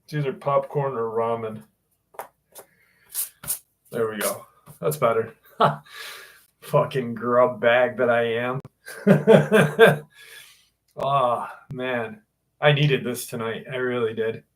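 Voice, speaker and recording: A man's voice: medium pitch, fairly even intonation, slow pace, long pauses. A man hosting a live stream, chatting casually and greeting viewers one by one in a laid-back way.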